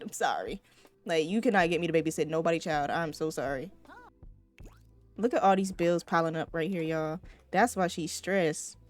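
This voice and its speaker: A woman giving casual, chatty gameplay commentary, swearing freely and talking straight to her viewers. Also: mid-range voice. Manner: chatty, profane, addresses viewers. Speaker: let's play host.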